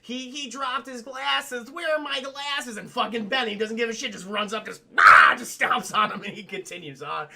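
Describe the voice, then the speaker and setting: A man recaps a film live for his stream chat, animated and full of profanity. His voice sits high with a gravelly edge, and his tone is bright and forceful. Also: normal speed, hardly any pauses. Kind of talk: casual film recap livestream.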